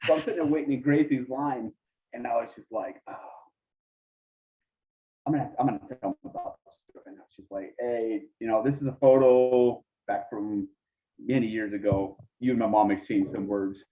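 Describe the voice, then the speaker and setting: A man of ordinary pitch tells stories with gusto and switches voices for the people he quotes. His voice comes through a tinny, phone-like connection with a narrow band. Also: normal speed, a little hiss or hum. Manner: animated storyteller, acts out voices in quotes. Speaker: podcast guest. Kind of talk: casual storytelling.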